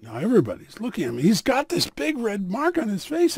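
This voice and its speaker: Gravelly, animated male storyteller. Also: very high-pitched, fast talker, hardly any pauses. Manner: animated, dramatic. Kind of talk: oral storytelling.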